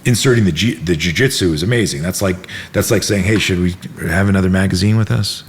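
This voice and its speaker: This man's voice is low and slightly quick. He's a middle-aged self-defense instructor spinning animated stories in an informal interview, performing the quotes himself and swearing freely.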